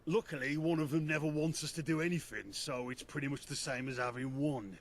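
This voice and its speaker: A man's voice: on the high side, fairly even intonation, a little fast, close to an everyday voice. An actor playing a dry-witted male soldier, giving wry, understated reports in game character dialogue.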